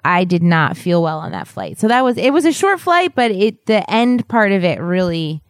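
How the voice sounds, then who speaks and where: A woman's voice: lowish voice, sing-song, moderate pace, no room sound, studio quality. A woman co-hosting a travel podcast, telling travel stories in an enthusiastic, chatty way. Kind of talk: casual conversational recap.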